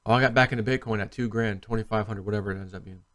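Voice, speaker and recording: A man talks casually to camera in a vlog, rambling and animated, acting out quotes as he tells stories. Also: on the low side, very fast. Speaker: crypto video host.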